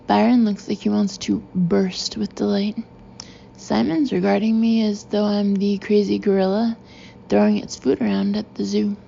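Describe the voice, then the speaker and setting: A woman reads a first-person novel aloud, expressive and full of indignation. Her voice is mellow and carries a gravelly edge, with a slightly muffled, dull sound to the recording. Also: medium pitch, moderate pace, slight background noise. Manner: expressive, acting out the narrator's indignation. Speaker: audiobook narrator. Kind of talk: first-person audiobook narration.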